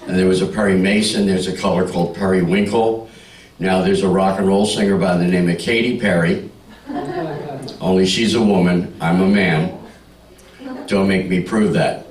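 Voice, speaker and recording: A man's voice: low-pitched, steady tone, moderate pace, darkish tone, roomy sound, recorded from a distance, rough recording. A man doing stand-up comedy on a club stage, teasing the audience with brash, bawdy crowd work.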